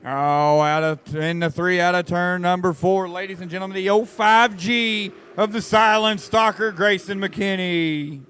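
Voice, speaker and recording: An excitable man calls a dirt track race, his voice high and smooth. He jokes with the crowd between laps while race cars roar behind him. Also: unhurried, hardly any pauses. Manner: excitable, joking with the crowd, folksy. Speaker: race announcer. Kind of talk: live race commentary over a PA.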